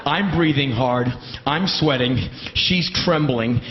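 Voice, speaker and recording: A man's voice: medium pitch, slow pace, muffled recording, background noise. A man doing live comic storytelling, wry and emphatic, swearing freely. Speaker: spoken word storyteller.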